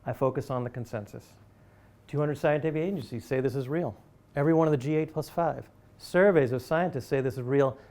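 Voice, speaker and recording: A university lecturer addresses a public audience emphatically, in a conversational and persuasive style. His voice is on the high side, darkish in tone, and a little fast.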